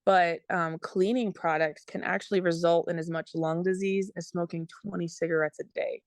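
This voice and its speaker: A woman's voice: lowish voice, steady tone, moderate pace, no room sound. A woman guest on an interview podcast, explaining earnestly with frequent ums. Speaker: guest, product consultant. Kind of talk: casual interview talk.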